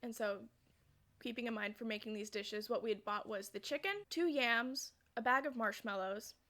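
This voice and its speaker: Chatty woman, slightly high voice. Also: normal speed, bright, forceful tone. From United States. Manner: chatty, wandering into side tracks; laughs through her story. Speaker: vlogger. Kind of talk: storytelling vlog.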